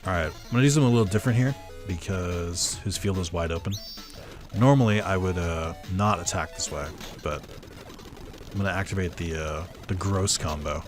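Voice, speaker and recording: Low-voiced laid-back gaming guy. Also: fairly quick, music in the background. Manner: laid-back, musing aloud, chuckling. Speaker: gamer. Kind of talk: casual let's-play commentary.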